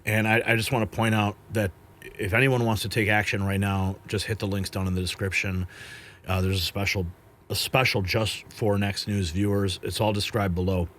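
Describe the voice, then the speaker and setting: A man hosting an interview, earnest and emotional, often pausing and restarting. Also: lowish voice, flat delivery, a bit bright. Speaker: show host. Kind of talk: interview conversation.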